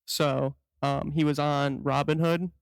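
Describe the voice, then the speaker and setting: A young man co-hosting a podcast in casual chat, with wry, deadpan complaints. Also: a little high, slow, vocal fry, clean tone, dry recording. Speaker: podcast co-host.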